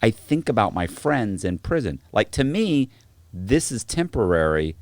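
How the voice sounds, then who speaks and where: A man's voice: fairly low pitch, unhurried, dry recording. A man telling stories in a casual podcast chat, acting out the other people's lines as he quotes them. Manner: animated, acts out quoted dialogue. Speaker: podcast guest, former prisoner. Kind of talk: casual storytelling.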